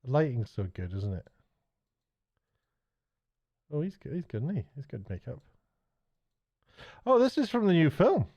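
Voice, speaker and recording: A man's voice: on the high side, wildly swooping pitch, unhurried, long pauses, darkish tone. A middle-aged man rambling chattily through a late-night vlog, stumbling and restarting as he mocks himself. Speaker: YouTuber and TV director. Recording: dull lo-fi sound.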